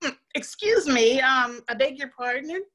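A woman's voice: sits high, animated, a little slow, pitched above the performer's own voice, heavily acted. A woman playing Hope, a mighty tender spirit. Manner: forceful yet tender.

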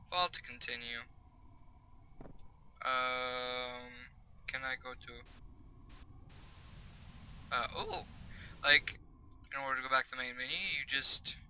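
A man's voice: medium pitch, sharp tone, slight background noise, poor audio. A young man giving casual, chatty let's-play commentary from his bedroom, reading on-screen tips aloud. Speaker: gaming YouTuber. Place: home bedroom.

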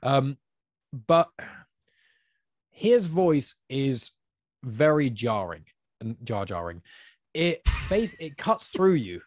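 A man chatting casually on a podcast, giving strong opinions with quick bursts of speech. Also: medium pitch, sing-song, no room sound, studio quality. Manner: opinionated, spurts of fast talk. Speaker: podcast guest.

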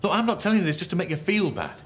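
A man's voice: high-pitched, sing-song, racing. An actor playing an earnest young man who confesses his love to a colleague, in a television soap. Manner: earnest, pressing.

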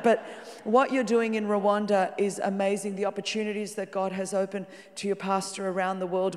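A woman's voice: medium pitch, darkish tone, in a large hall. A woman in her fifties with an Australian accent, preaching as a guest pastor in an exuberant, joking way. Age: 50s. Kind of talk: sermon. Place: large church.

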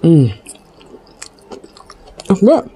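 Low, mellow-voiced woman eating on camera. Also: huge pitch swings, extremely slow, slight background noise. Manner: talks with mouth full, chewing and smacking. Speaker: food vlogger. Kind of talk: casual eating chat.

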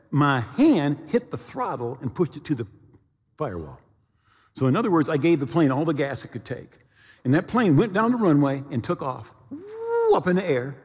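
Middle-aged male pastor, husky and lively, animated storyteller, long hall reverb. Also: on the high side. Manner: animated storyteller with sound effects and acted quotes. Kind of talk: sermon storytelling.

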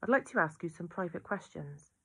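A woman voicing a calm, patient female police inspector who speaks in a measured, reassuring way. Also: on the low side, slightly rough, full character voice.

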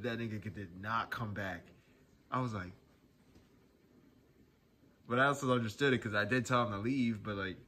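A man's voice: fairly low pitch, fairly bright tone, a little hiss or hum. A young man casually telling a personal story, laid-back and profane, chuckling often.

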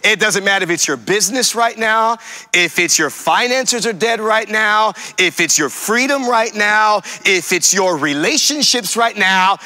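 A man's voice: high-pitched, expressive, a little slow, bright, forceful tone. A male pastor preaching a sermon, emphatic, repeating his key lines and speaking straight to the congregation.

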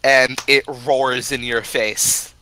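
A man narrating a tabletop game as game master, halting with many fillers. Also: medium pitch, steady tone, a crowd in the background.

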